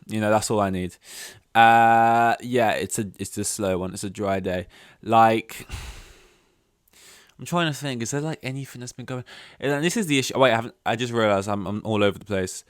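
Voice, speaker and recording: A young man rambles through a casual solo podcast, full of ums and self-mocking asides. His voice sits a little low and sounds smooth and clean. The recording is dry and close, with no room echo. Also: moderate pace. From London. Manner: rambling, self-deprecating, many fillers and restarts. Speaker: podcast host.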